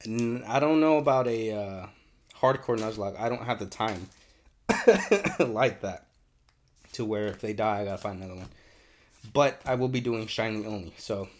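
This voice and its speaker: A young man hosting a card unboxing, chatting casually with lots of swearing and bursts of excitement, congested and sniffly. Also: on the low side, normal speed. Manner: profane, excitable, rambling. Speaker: card unboxing channel host.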